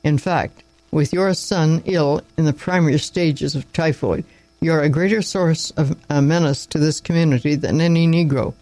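A man reading as a sharp, contemptuous young doctor. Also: fairly high pitch, moderate pace, no room sound, natural voice. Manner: sharp, clipped, cutting. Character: weary, contemptuous young male country doctor.

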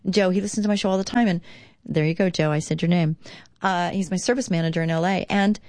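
A woman hosting a devotional radio talk show, speaking earnestly and slowly reading passages. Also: fairly low pitch, steady tone, darkish tone, dry recording, studio quality.

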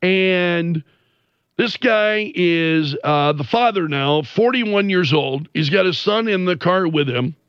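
A man giving casual news commentary in an animated way, retelling quotes with the swearing bleeped out by voice. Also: sits high, slow, clear, resonant tone, dry recording, lo-fi sound.

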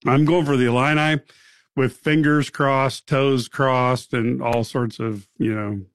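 A man's voice: mid-range voice, steady tone, slow, dry recording, clean studio sound. A man co-hosting a sports radio show, giving his picks with wry, sarcastic remarks. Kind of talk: casual sports picks chat. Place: radio studio.

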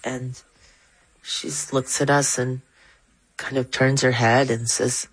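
A woman, a writer, telling an animated first-hand story with soft music behind. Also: slow pace, dry recording, poor audio. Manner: animated, rising pitch when excited. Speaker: interviewee. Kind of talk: storytelling in an interview.

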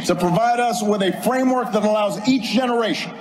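A man delivering a formal prepared speech in measured, deliberate oratory, played as a clip. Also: high-pitched. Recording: roomy archival speech clip with ambient noise.

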